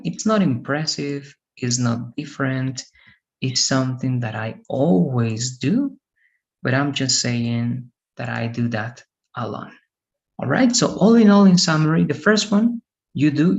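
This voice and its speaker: A man's voice: mid-range voice, gravelly, darkish tone, lo-fi sound. A man teaching an English grammar lesson in an online class, patient and repetitive, often checking in with "right?".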